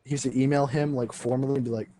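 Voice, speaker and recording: A man's voice: medium pitch, steady tone, racing, warm tone. A young man co-hosting a casual podcast, rambling through school stories with lots of "like" and restarts. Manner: rambling, full of "like" and restarts, laughs often. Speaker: podcast co-host. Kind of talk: casual storytelling chat.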